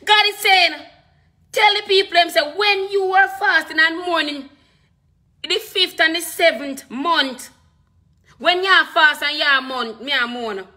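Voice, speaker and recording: High, bright-voiced Jamaican woman preacher. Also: a little slow. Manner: impassioned, emphatic preaching with repeated phrases; switches between patois and standard English. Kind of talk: sermon.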